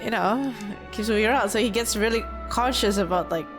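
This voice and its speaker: A woman streaming a game, reacting excitably and translating the scenes out loud in a casual way. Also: mid-range voice, fairly quick, music in the background. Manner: excitable, loud exclamations, giggly.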